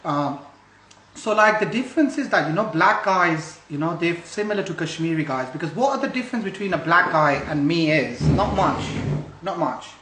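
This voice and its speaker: A man's voice: on the high side, expressive, moderate pace, bright, forceful tone, a little hiss or hum. Ranting man, roomy echo. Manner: angry, profane, repetitive. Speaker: livestream host. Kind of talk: ranting livestream monologue. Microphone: phone.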